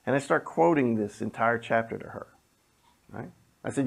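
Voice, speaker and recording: A middle-aged man preaches in a loose, storytelling way, his voice carrying a gravelly edge. He sits at an ordinary middle pitch and often sinks to a hushed, quiet tone as he speaks. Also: fairly quick. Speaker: pastor. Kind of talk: sermon with personal story.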